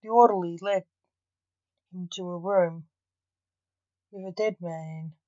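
A woman, the author, reading her own story aloud in slow, measured storybook narration. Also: on the low side, fairly even intonation, a little mellow, no echo, highs cut off.

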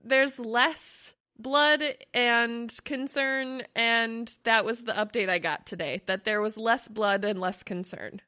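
A young woman co-hosting a podcast in casual chat, her voice bright and a little high. She swears freely and laughs a lot, wearing her feelings openly. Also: fairly even intonation, slow pace, few pauses, clean tone. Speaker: podcast co-host.

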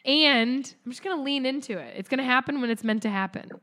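A woman's voice: high-pitched, fast, bright, forceful tone. A woman hosting a podcast in casual chat, enthusiastic and affirming. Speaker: podcast host.

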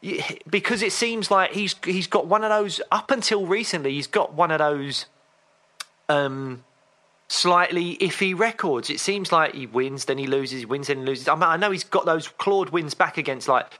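A man with a bright, clear voice, telling a story at an easy chatty pace. His voice sits a little high for a man. He speaks casually as a podcast co-host. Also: normal speed. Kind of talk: casual chat.

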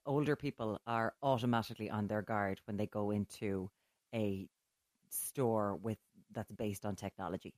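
A woman co-hosting a podcast, chiming in with teasing, quick-witted banter during casual chat on a remote call mic. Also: a bass voice, steady tone, a little mellow, dry recording. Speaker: podcast co-host.

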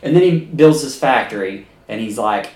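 Podcast man, mid pitch, animated storyteller acting out quotes, swears freely, roomy echo. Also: moderate pace. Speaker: podcast co-host. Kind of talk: casual chat.

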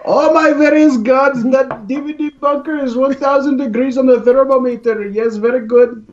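A man doing a slow, grandiose theatrical voice. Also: extremely high pitch, steady tone, muffled recording, pitched above the performer's own voice.

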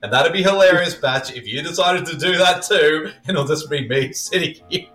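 A man's voice: on the high side, normal speed, a bit bright, roomy sound. A man co-hosting a casual movie-riffing podcast, joking and laughing often. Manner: giggly, joking. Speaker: podcast co-host.

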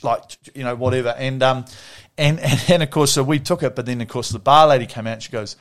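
A man's voice: medium pitch, quick pace. A man with a New Zealand accent telling stories in casual chat, rambling and laughing often.

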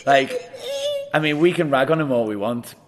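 A young man telling a long story in casual chat, laughing often and quoting people as he goes. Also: a little high. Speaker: guest.

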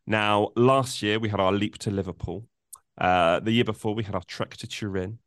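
A man's voice: fairly low pitch, steady tone, moderate pace, dry recording, clean studio sound. A man hosting a podcast, chatting playfully with restarts and jokes at his own expense. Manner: playful, self-mocking, hesitant restarts. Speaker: podcast host. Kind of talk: casual podcast interview.

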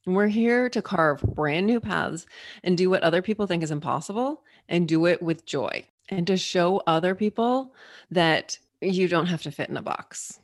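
A woman as an interview guest, explaining ideas in a lively, playful way. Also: lowish voice, moderate pace, dry recording, studio quality. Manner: animated, playful storyteller. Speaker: guest explaining personality types. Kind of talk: casual interview talk.

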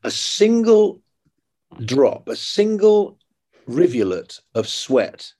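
An older man, an actor guest, telling stories in lively conversation and acting out the voices of the people in them. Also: on the high side, takes it slowly. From England. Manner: animated anecdotes, acting out quoted voices. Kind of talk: conversational storytelling.

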